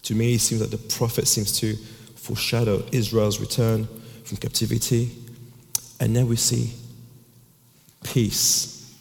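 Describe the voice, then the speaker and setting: A man's voice: on the low side, level tone, measured pace, creaky, pauses often, a little mellow, in a large hall. A man in his thirties preaching a sermon, telling a personal story earnestly and often restarting his words.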